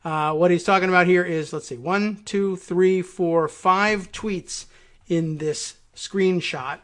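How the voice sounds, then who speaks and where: A man's voice: sits high, steady tone, takes it slowly, a bit bright. A man hosting a political talk podcast, rambling casually on his own and chuckling at odd place-name pronunciations. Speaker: podcast host.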